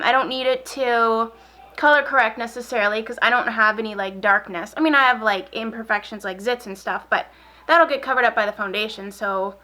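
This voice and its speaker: A woman beauty vlogger in a relaxed get-ready-with-me chat, rambling and repeating herself while she applies makeup. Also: on the high side. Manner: talks while applying makeup.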